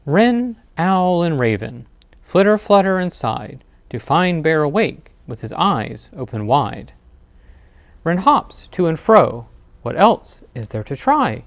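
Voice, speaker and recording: A man reading picture books aloud as a librarian at a bedtime storytime, expressive with dramatic pauses. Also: a little high, dry recording. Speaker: children's librarian.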